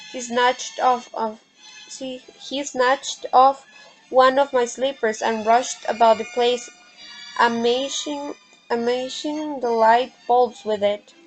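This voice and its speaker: A woman voicing a calm, easygoing young married woman, reading her lines slowly from a play script. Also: fairly high pitch, soft background music, rough recording.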